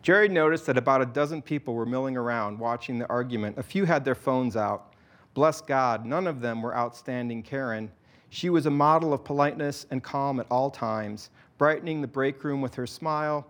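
A man reading a story aloud in steady, even scripted narration. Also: mid-range voice, moderate pace.

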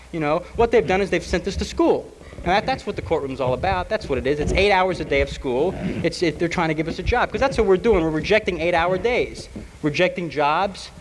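A man who is on trial tells a university audience a mocking, animated story, full of fillers and impersonations. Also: a little high, long reverb tail, slight background noise, poor audio. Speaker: trial defendant addressing students. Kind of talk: animated public speech.

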